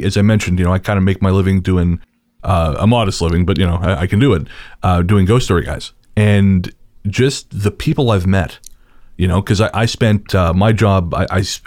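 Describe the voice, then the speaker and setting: A man's voice: low-pitched, a little mellow, no echo, clean studio sound. A man interviewing a fellow podcaster, speaking earnestly with many restarts. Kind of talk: casual interview chat.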